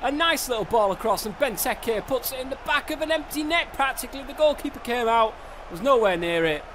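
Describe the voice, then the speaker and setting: Excitable, sweary English gaming commentator. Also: male voice, very high voice, brisk. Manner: excitable, swears a lot, shouts at the game. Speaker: gaming YouTuber. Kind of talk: live gameplay commentary. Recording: faint background noise.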